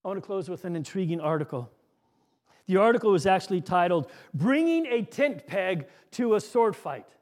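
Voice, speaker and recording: A man preaching a sermon, telling stories and dropping to a soft hush on key lines. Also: high voice, big pitch swings, moderate pace.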